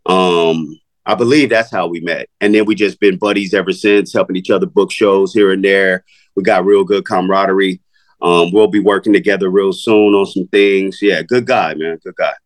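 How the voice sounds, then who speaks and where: Man, fifties, low voice, laid-back slangy chat, dry close sound. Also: fairly even intonation, moderate pace, no echo. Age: 50s. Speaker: music artist guest. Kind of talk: casual interview chat.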